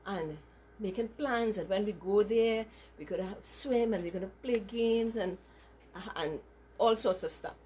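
A woman telling a moral story to children as a teacher, animated and asking them questions as she goes. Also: fairly high pitch, slight background noise.

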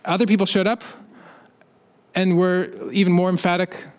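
Conversational man with a fairly high voice. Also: steady tone, normal speed. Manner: conversational, wry asides, quotes others in a lifted voice. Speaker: conference panelist. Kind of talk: conference talk. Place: conference stage.

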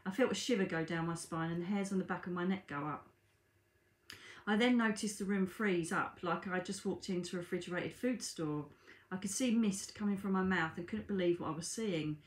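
A woman, a psychic medium, reading aloud from her own book and breaking off for chatty asides to viewers she calls darlings. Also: on the low side. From Britain. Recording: echoey room.

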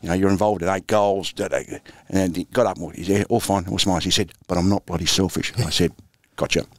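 A deep-voiced Australian man in his sixties, once a footballer and coach, tells anecdotes in a relaxed, chuckling storytelling interview. He speaks fairly quickly, and the recording has no room sound.

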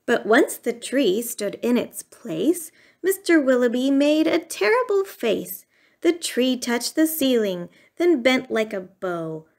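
A woman's voice: high voice, big pitch swings, takes it slowly, a little mellow. A woman reading a rhyming bedtime storybook aloud in a sing-song way.

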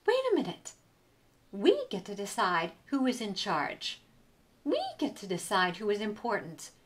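A woman voicing an eager, clever male dog in a storybook read-aloud, talking in an excited, urgent way. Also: mid-range voice, unhurried.

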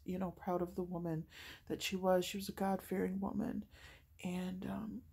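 Woman, forties, slightly low voice; earnest, emotional personal testimony, lots of fillers. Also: darkish tone. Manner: earnest, heartfelt, with frequent fillers. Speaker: convert sharing her faith story.

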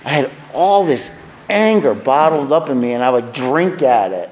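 A man's voice: mid-range voice, animated, moderate pace, a little mellow, a little hiss or hum. A man speaking frankly and with wry humor at a recovery meeting. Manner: frank, confessional, wryly humorous. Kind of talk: personal recovery talk. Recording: reverberant hall.

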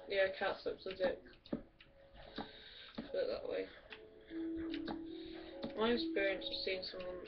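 A woman rambling crudely and giggling through game commentary. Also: medium pitch. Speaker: gamer. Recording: distant dull mic with music.

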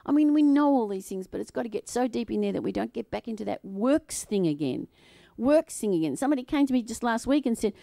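Woman preacher, animated and playful, laughing often, fairly high voice, dry close sound. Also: quick pace, vocal fry, no echo. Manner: acts out quoted voices. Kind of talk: sermon to a congregation.

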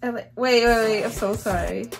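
A woman's voice: a little high, moderate pace, gravelly. A young woman hosting a music video reaction, gushing and exclaiming, now and then dropping in Japanese words. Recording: faint music behind.

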